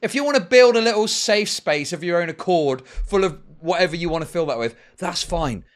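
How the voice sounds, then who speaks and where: Male streamer, high animated voice, brash and sneering. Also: brisk. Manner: loud, mocking, swears often, laughs and mimics. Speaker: streamer reacting to a video. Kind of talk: live-stream reaction commentary.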